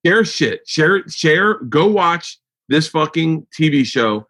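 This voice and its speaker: A male podcast host chatting casually in a studio. He rambles and gets excited, swearing freely as he goes. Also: a little high, slow. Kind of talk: casual chat.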